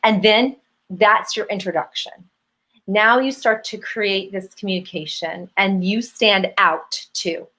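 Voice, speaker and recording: A woman's voice: medium pitch, a little slow, poor audio. A woman coaching on dating as a show guest, talking with energy and often acting out bits of dialogue. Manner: energetic, acts out dialogue in quoted voices. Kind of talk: advice talk on a show.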